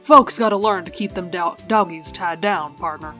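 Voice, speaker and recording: A woman's voice: fairly low pitch, moderate pace, bright, forceful tone, faint music behind. A woman voicing a swaggering male detective who acts like a Wild West sheriff, with a put-on Southern drawl. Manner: drawling, folksy.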